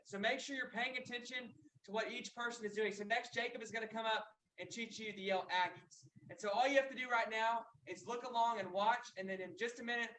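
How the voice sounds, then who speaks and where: A man's voice: high voice, sharp tone. A young man hosting the session with an upbeat, instructive delivery. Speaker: yell leader. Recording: echoey room from far off.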